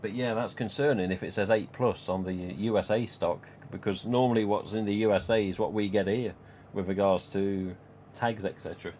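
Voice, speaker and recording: A man's voice: lowish voice, steady tone, normal speed, hardly any pauses, a little mellow, slight background noise. A man hosting a live stream, talking casually in a chatty, rambling way with frequent chuckles. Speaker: live stream host and collector.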